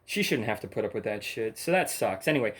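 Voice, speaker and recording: A man's voice: lowish voice, animated, quick pace, fairly bright tone. A man hosting his own channel, talking alone in a rambling, blunt, profane rant and laughing between points. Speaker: channel host. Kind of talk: rambling ranting monologue.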